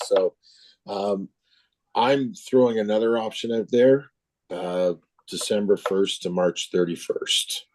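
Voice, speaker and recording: A man's voice: fairly low pitch, slow pace, a little mellow, dry recording, low-quality recording. A town councillor, a man losing his voice, talking casually and with laughs in a council meeting. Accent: Canadian. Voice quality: hoarse. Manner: casual, laughs often, rambling. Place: council chamber.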